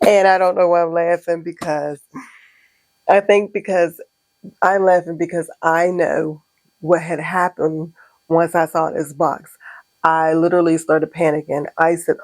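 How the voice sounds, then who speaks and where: A woman's voice: fairly low pitch, a little slow, no room sound, poor audio. A middle-aged woman who owns a small business, chatting casually to camera in her studio and telling a story with lots of laughs and acted-out reactions. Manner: animated storytelling, laughs often, acts out her own reactions. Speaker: small business owner vlogging. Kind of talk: casual vlog chat. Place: home studio.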